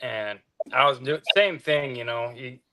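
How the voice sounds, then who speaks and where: A man's voice: medium pitch, measured pace, bright, forceful tone. A man who works as a hunting guide, telling stories in a laid-back way with dry humor. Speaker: hound hunting guide, co-host. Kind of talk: casual storytelling chat.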